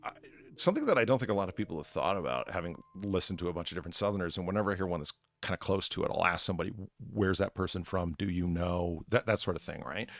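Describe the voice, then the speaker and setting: A man hosting a casual live stream, chatting with guests and thanking viewers in a rambling, animated way. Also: sits low, very fast, no room sound. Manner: rambling, animated, many restarts. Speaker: streamer host playing bartender.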